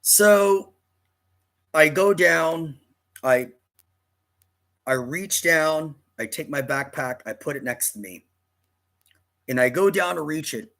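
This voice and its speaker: A man's voice: on the high side, animated, slow pace, vocal fry, long pauses, fairly bright tone. A man telling a personal story in a rambling, dramatic way, often correcting himself mid-sentence.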